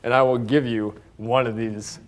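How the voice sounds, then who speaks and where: A young player in a tabletop game, delivering drawn-out deadpan lines in character. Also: mid-range voice. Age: young adult. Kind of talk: playing a tabletop game on radio.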